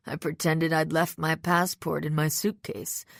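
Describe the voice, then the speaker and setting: A woman's voice: deep voice, level tone, measured pace, creaky, no room sound, studio quality. Woman reading a smug, sneering male villain. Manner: sarcastic, mocking, smug. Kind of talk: audiobook character voice.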